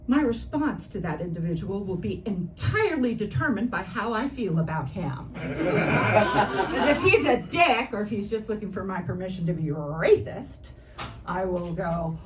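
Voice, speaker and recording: A woman performing a stand-up comedy set on a club stage, brash and animated, often laughing at her own jokes. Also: medium pitch, unhurried. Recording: distant mic with noisy room.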